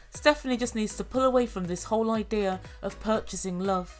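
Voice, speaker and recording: A woman's voice: medium pitch, brisk, few pauses, faint music behind. A woman giving a comedic recap of a reality show, full of dry, sarcastic asides. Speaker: show reviewer.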